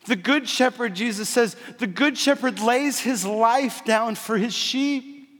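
Animated pastor preaching in a reverberant hall. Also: male voice. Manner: animated, swings from loud emphatic peaks to hushed low passages; jokey asides and storytelling. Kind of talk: sermon. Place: church sanctuary. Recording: long reverb of a large hall.

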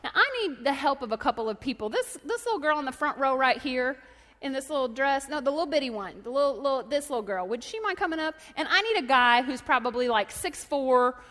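High-voiced woman preaching in a reverberant hall. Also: brisk. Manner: animated storytelling, acts out voices and shouts. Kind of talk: sermon. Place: church hall.

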